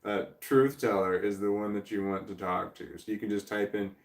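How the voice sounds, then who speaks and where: Low-voiced male streamer chatting with viewers, rambling and self-mocking, far from the mic in an echoey room. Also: fairly even intonation, moderate pace, gravelly. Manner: rambling, self-deprecating, reads chat aloud. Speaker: livestream host. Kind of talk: casual livestream chat. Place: indoor room, seated in a creaky chair.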